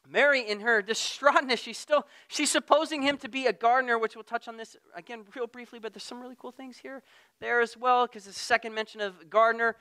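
Bright, high-voiced man preaching a sermon. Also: fairly even intonation, brisk, smooth. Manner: conversational preaching, swinging from loud to hushed. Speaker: pastor.

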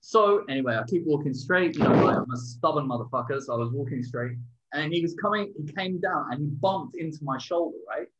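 A man telling a story in casual chat, animated and swearing, acting out what people said. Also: a little high, brisk. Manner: animated, swearing, acts out quotes loudly. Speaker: podcast co-host. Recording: dull lo-fi sound.

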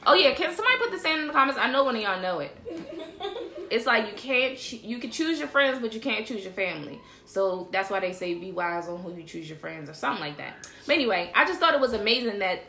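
A bright, chatty woman hosts a casual livestream and talks straight to her audience. She calls them y'all and keeps the talk lively and informal. Her voice rings a little in a roomy space. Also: medium pitch, fairly quick, gravelly, a little hiss or hum. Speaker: show host. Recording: roomy echo.

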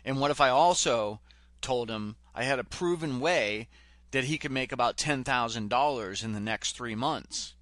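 A man's voice: medium pitch, moderate pace, fairly bright tone, no room sound. A man giving a direct, pushy motivational talk as a sales coach. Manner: direct, pushy, retells film scenes.

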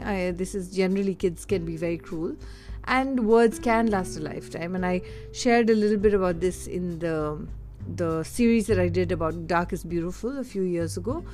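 A woman talks through her own memories in a candid, thoughtful monologue. She pauses and restarts as she looks for the right words. Her voice sits at a middling pitch, and gentle guitar music plays faintly in the background. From India (Delhi). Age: adult. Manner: candid, reflective, searching for words. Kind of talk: personal storytelling monologue.

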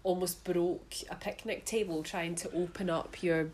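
A woman's voice: on the low side, fairly even intonation, normal speed, darkish tone. A Scottish woman co-hosting a podcast, telling a story in casual chat and laughing as she talks. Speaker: podcast co-host.

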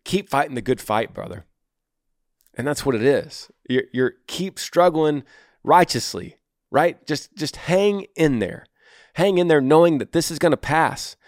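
A man's voice: fairly high pitch, animated, a little slow, no room sound, studio quality. A man hosting a podcast, giving earnest, encouraging advice to a listener and repeating his key phrases. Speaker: podcast host. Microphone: studio microphone.

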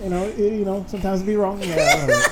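A man putting on a smug male school principal, mocking him through laughter, over loud crowd noise. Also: high-pitched, huge pitch swings, fast talker.

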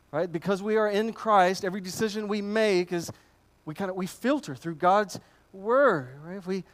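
A man preaching a sermon to his congregation, conversational and emphatic, often repeating words as he goes. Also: high voice. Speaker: pastor.

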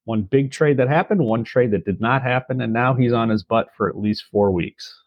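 A man's voice: mid-range voice, normal speed, no echo, muffled recording. A man co-hosting a casual podcast, making dry, wry remarks. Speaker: podcast co-host. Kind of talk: casual chat.

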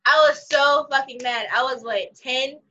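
A young woman chats over a video call, telling stories in a lively, profane way and laughing often. Her voice sits a bit high and sounds bright and forceful. The audio is muffled, like a compressed call. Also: measured pace. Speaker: conversation partner. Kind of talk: casual storytelling chat.

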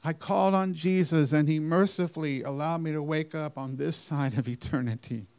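A man slowly recounting a personal testimony in an earnest way, with deliberate phrasing and halting restarts. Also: a little high, a little mellow, clean tone. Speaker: storyteller giving a personal testimony. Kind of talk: slow, earnest spoken testimony.

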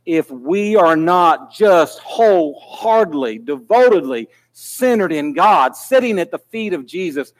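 Male preacher, sermon, slow deliberate delivery, slightly high voice, earnest and pleading. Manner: earnest, builds to pleading intensity.

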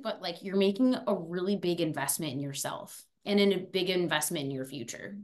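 A young woman from France, a former student, talking fast and chatty in a casual interview. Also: fairly low pitch, a little mellow.

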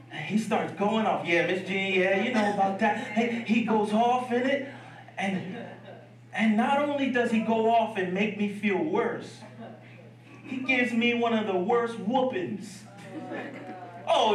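High-voiced preacher, echoey hall. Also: male voice, a bit bright, far from the mic. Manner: humorous storytelling, laughing asides. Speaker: pastor. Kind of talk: sermon. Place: church sanctuary.

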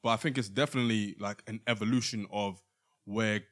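A man's voice: lowish voice, steady tone, fairly quick. A man, a podcast co-host who states confident opinions in casual banter.

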